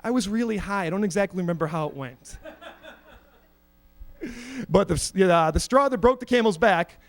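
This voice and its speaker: High-voiced young man doing stand-up. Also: lively intonation, moderate pace. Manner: storytelling, self-mocking, acts out quoted voices. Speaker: stand-up comedian. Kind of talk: stand-up comedy set. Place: comedy stage at an arts center.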